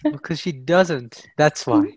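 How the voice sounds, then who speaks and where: A teenager co-hosting a casual podcast, hesitant at times and teasing in a deadpan way. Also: mid-range voice, slow pace, husky, no echo, rough recording. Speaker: podcast co-host. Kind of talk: casual chat among friends.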